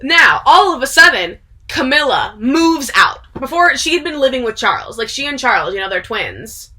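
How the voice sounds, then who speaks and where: A young woman who makes videos casually retells a story to a friend, peppering it with "like" and swearing and laughing often. Her bright, forceful voice sits high and is very animated, moving at a moderate pace.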